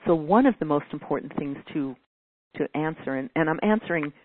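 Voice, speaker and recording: Brisk and expressive, this woman speaks in a low voice as she teaches, answering a caller's question earnestly and at times playing out whiny quoted voices. The recording is dry and sounds like a phone line.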